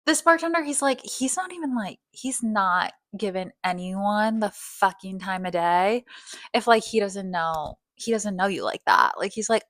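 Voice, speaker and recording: A woman's voice: mid-range voice, expressive, moderate pace, a bit bright, dry recording. A woman casually telling a story, rambling with constant fillers and swearing. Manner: rambling, heavy filler "like", profane.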